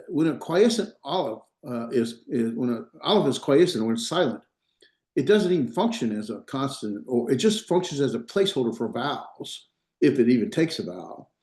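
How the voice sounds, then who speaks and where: Teaching Hebrew grammar, a Biblical Hebrew instructor speaks to his class in a warm, mellow, medium-pitched voice. He works through each point methodically, thinking out loud and pausing to check understanding, while the classroom adds a slight echo.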